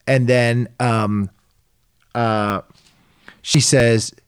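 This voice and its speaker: A middle-aged man in a casual podcast chat who tells stories in an animated way and acts out the voices of the people in them. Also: mid-range voice, very slow, smooth, no room sound, clean studio sound. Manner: animated storyteller acting out quoted voices. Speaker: podcast co-host.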